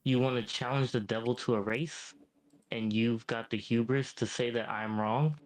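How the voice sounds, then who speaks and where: A boastful, ancient devil, voiced by a male AI that talks down to everyone with cocky calm and keeps tossing in "mate". His pitch sits right in the middle, neither deep nor high, and his tone stays even. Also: normal speed, natural voice, poor audio. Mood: smug. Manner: smug, says "mate" a lot. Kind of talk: AI chatbot role-play.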